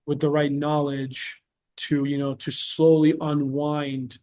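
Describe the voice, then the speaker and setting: A male therapist speaks in a relaxed interview, earnest and patient as he walks through examples. His voice sits a little high for a man. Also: slow pace. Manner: earnest, explains with patient examples and quoted dialogue. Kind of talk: casual podcast interview.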